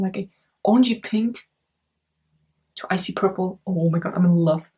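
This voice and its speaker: A woman's voice: lowish voice, moderate pace, warm tone. A woman vlogging an unboxing at home, gushing and gasping over what she finds, talking into a camera mic. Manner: gushing, gasping, breathy exclamations. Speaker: beauty vlogger. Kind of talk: excited unboxing vlog. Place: home, indoors.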